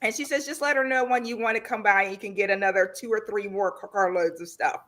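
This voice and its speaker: An excited woman recounting a find in a casual group chat about gardening. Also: medium pitch, quick pace. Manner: excited, enthusiastic. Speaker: panel guest.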